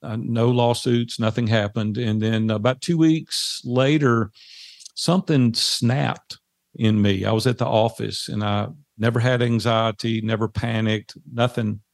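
A man's voice: mid-range voice, fairly even intonation, a little slow, vocal fry. A man, a podcast guest earnestly recounting a life story and quoting what people said. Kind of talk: personal storytelling in conversation.

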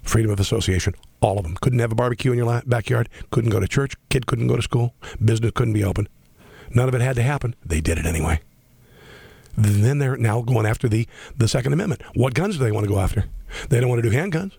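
A man hosting a political talk radio show, sarcastic and combative, talking fast with many restarts. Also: medium pitch, animated, vocal fry, darkish tone, husky, no echo.

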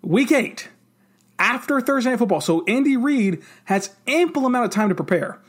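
A man co-hosting a sports podcast, talking fast and excitedly in casual football chat. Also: very high voice, breathy edge.

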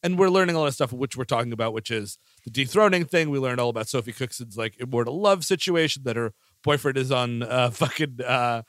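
A man's voice: medium pitch, fairly quick, few pauses, a bit bright, dry recording. A man co-hosting a casual movie review podcast, with sarcastic asides. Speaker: podcast co-host.

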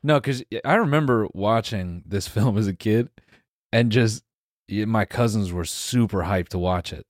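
A young man co-hosting a podcast in casual chat, laid-back and low-key with some profanity. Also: measured pace, no room sound, studio quality. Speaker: podcast co-host.

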